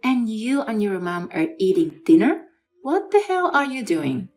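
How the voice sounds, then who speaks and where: A woman's voice: mid-range voice, animated, normal speed, mellow, faint music behind, close to an everyday voice. Woman reading as a stern scolding aunt. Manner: firm, scolding. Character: stern middle-aged aunt, scolding her nephew.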